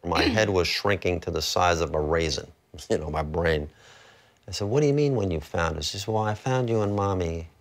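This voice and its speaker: A father in an interview, telling a family story in a wry, low-key way. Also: moderate pace.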